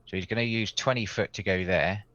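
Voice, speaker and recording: A man's voice: lowish voice, steady tone, fairly quick, fairly bright tone. A man playing a tabletop game, casually describing his character's moves in third person. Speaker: player. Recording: dull lo-fi dry mic.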